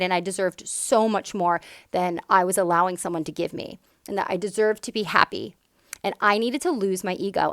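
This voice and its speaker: A candid young woman tells her own story in a loose, emphatic way, dotting it with asides. Her voice sits at an ordinary middle pitch and is recorded close and dry, with no room sound. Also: fairly bright tone, dry recording. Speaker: vlogger sharing a personal story. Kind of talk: casual personal storytelling.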